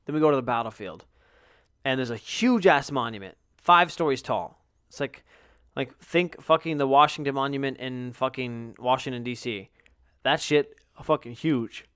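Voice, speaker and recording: A man's voice: medium pitch, moderate pace, fairly bright tone, clear, resonant tone, no echo, studio quality. A young man hosting a podcast, telling a rambling, profanity-heavy story in a casual way. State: yawning, tired. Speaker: podcast host.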